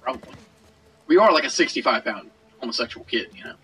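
A man's voice: mid-range voice, expressive, quick pace, a bit bright, distant mic, a little hiss or hum, low-quality recording. A young man co-hosting a let's play, teasing his partner with crude jokes and laughing a lot. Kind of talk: casual gaming commentary. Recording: voice a bit off-mic.

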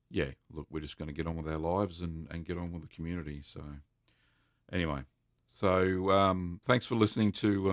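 A middle-aged Australian man hosting a casual livestream, chatty and relaxed with many ums and uhs. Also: sits low, vocal fry, no echo, studio quality. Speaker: livestream host answering cheese-making questions.

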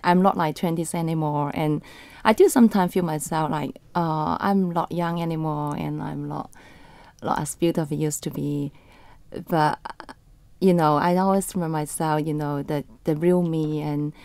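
A woman in her thirties, a photographer on a radio interview, speaking haltingly with restarts and slightly non-native grammar. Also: fairly low pitch, mellow, no echo.

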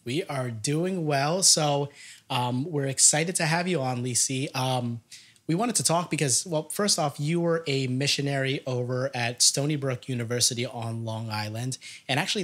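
An upbeat male podcast host in casual chat. His voice sits at an ordinary middle pitch, and he talks in a friendly, chatty way with frequent laughs. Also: a bit bright.

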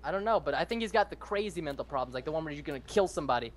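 Lively, giggly gamer guy. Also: on the high side, very fast. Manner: playful, laughs often, teasing callouts. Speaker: gaming co-host. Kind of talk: casual gameplay commentary.

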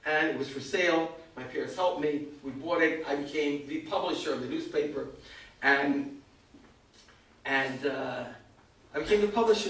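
An older American man tells a self-mocking, animated story to an audience in a community evening talk. He is fairly high for a man. His voice sounds echoey and comes from some distance off the mic. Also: normal speed. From United States. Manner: self-mocking, animated, acts out other people's lines. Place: event hall. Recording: echoey hall, far from the mic.

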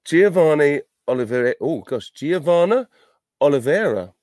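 A man's voice: on the high side, lively intonation, normal speed, a little mellow, dry recording, studio quality. A middle-aged man, an actor, answering fan questions on a virtual panel, chatty and self-deprecating, thinking aloud as he goes.

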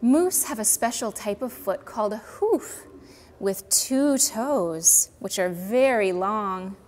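Sing-song Canadian woman teaching small kids. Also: mid-range voice. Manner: slow, sing-song, asks kids questions. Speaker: museum children's educator. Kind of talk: storybook reading and lesson for small kids.

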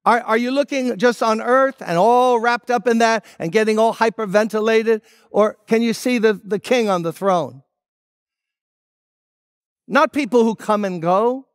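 A man preaching a sermon as pastor, emphatic, dropping to hushed tones and rising on key words. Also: high-pitched, unhurried, dry recording, clean studio sound. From United States.

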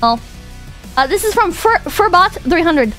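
A woman with a very high voice reads viewer messages on a live stream in a joking, casual way. Her pitch jumps around a lot, and she swears freely. Soft music runs in the background. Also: big pitch swings, a little slow. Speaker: virtual streamer.

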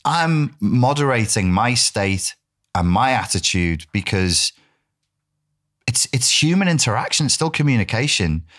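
A British man in his forties, a guest in a casual interview, telling animated stories, swearing freely and acting out quotes. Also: medium pitch, unhurried. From United Kingdom.

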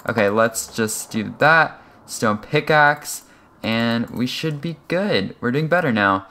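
A young gaming channel host talks slowly through casual, rambling commentary over the game he's playing. He is excitable and self-mocking, letting out sudden high yelps when startled.

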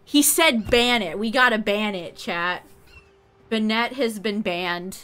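A woman's voice: medium pitch, slow pace, bright, forceful tone, soft background music. A woman streaming to her chat, laughing and teasing as she repeats words in mock disbelief. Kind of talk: casual live-stream chat.

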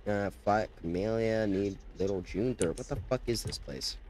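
A young man hosting a horror game let's-play, muttering low and bursting into screamed, profane threats. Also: moderate pace, a little mellow, a little hiss or hum. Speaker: gaming channel host.

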